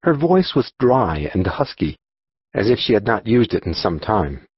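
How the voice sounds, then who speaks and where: A man narrating a children's audiobook in an expressive storytelling manner. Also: lowish voice, normal speed, slightly rough, no room sound, highs cut off. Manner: expressive storytelling, voicing dialogue.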